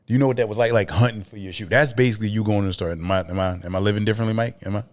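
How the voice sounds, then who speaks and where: Low-voiced man telling sneaker stories. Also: racing. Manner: animated storytelling, profane, repeats himself. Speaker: podcast co-host. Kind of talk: casual chat.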